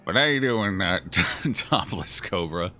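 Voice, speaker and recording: A chatty male streamer gives joking let's-play commentary and answers his chat as he plays. His voice sits fairly low but swings animatedly through his range. It has a crisp, bright edge, with faint game music underneath. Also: expressive, a little slow. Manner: chatty and jokey, reacting aloud to chat. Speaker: gaming streamer.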